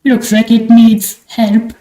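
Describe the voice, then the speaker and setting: A young woman from Australia chats with her livestream as she draws, keeping up a high, theatrical bird-persona voice. Her throat sounds sore and strained from pushing it. The desk mic is turned up loud in a small room at home that gives her voice a roomy echo. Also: monotone, takes it slowly. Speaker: streamer. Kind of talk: livestream chat while drawing. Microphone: desk mic with high gain.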